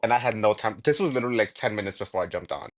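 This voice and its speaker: A male podcast co-host with a somewhat low voice. He rambles through anecdotes, restarting sentences and swearing casually. The delivery is relaxed and conversational. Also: very fast.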